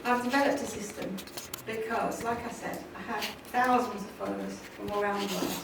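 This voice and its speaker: A woman with a gravelly, mid-range voice gives an emphatic motivational talk on a conference hall stage, speaking fairly quickly with fairly even intonation. She repeats her points and laughs often. The audio comes from far off, echoey and noisy.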